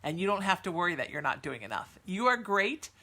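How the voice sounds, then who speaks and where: Her voice is on the low side, sing-song and brisk, with a pushed, bright quality. She hosts a podcast where she does live psychic readings for chat viewers, chatting with lots of fillers while soothing and reassuring them and calling them sweetheart.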